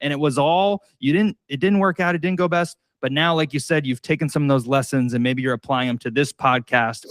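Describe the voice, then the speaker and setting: A man's voice: mid-range voice, fairly bright tone, dry recording. A man hosting a podcast, enthusiastic and encouraging, speaking in a motivational way. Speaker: podcast host. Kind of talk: casual podcast conversation.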